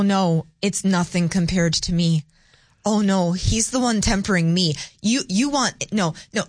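A woman's voice: mid-range voice, dry recording. A woman guesting on her husband's call-in radio show, speaking bluntly and emphatically. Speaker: guest co-host, host's wife. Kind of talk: casual radio chat. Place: radio studio. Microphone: studio mic.

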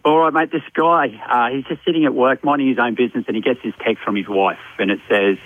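A man's voice: mid-range voice, steady tone, fairly quick, no room sound. An Australian man who manages a liquor store, chatting casually on the radio and telling a joke, easygoing and calling everyone mate. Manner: matey, easygoing, says mate a lot. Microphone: phone. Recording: dry tinny phone line.

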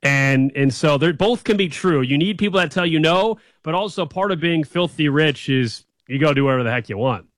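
A man co-hosting a casual talk show, chatting in an animated way with quick asides. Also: a little high, no echo. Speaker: co-host. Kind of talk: casual chat.

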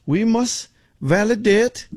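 Brief: man doing a high, slow, prim female phone agent with a put-on Filipino English accent. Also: lively intonation, a little mellow, no echo, clean studio sound, full character voice. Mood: prim, insistent. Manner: slow, clipped broken phrasing. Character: polite strict female customer service agent.

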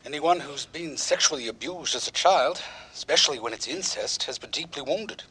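Actor as an authoritative psychologist, husky voice, measured address. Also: male voice, on the high side, expressive, sharp tone, exaggerated voice, poor audio. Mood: earnest. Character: calm, authoritative male psychologist. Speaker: psychologist on the radio.

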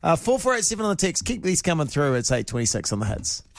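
A man hosting a radio show, chatting casually and telling stories in a lively way. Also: on the high side, quick pace, gravelly, heavy background noise. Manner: lively storyteller, laughs easily. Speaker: radio host.

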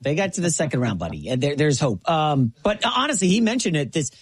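A man's voice: a little high, very animated, fairly quick, slightly rough, dry recording. A man co-hosting a sports talk show, teasing and enthusiastic in banter. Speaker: co-host.

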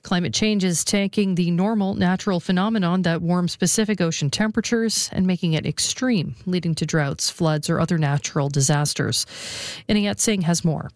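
Low-voiced woman reading radio news. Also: no room sound, studio quality. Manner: measured, formal delivery. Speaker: newsreader. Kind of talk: scripted radio newscast.

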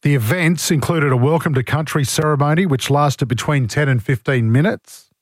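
An Australian man hosts talkback radio with a slightly high voice and a dry, close studio sound. He is fighting a cold and talks bluntly, indignant and opinionated. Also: normal speed, no room sound. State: has a cold. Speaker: talk radio host. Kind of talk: talkback radio, reading listener texts.

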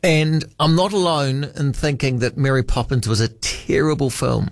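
A man's voice: medium pitch, moderate pace, no room sound, studio quality. A man hosting late-night talkback radio, rambling wryly and reading out listener texts. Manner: rambling, wry, reads listener texts aloud. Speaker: radio host. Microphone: studio microphone.

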